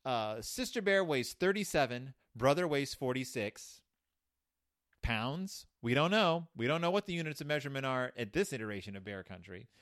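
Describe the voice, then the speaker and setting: Reviewing a children's book for his show, a man jokes his way through rambling commentary full of restarts. His mid-range voice has lively intonation, a moderate pace and a fairly bright tone, captured dry at studio quality.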